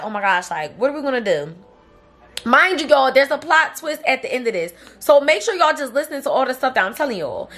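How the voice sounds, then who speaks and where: A woman's voice: a little high, a bit bright. A young woman telling a long, rambling story to camera in a casual vlog, leaning hard on fillers. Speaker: vlogger.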